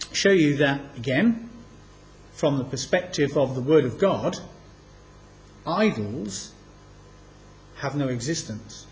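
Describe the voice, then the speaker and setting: A man teaching from the Bible, reading passages aloud and slowing down to stress key words. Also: a little high. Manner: emphatic, slows down to stress quoted scripture. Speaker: preacher.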